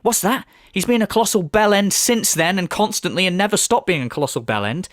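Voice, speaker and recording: A man's voice: high-pitched, lively intonation, a little fast, no echo, clean studio sound. A man giving a sarcastic, heavily sweary commentary rant. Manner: sarcastic, swears heavily, mocks in put-on voices. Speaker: commentary video host.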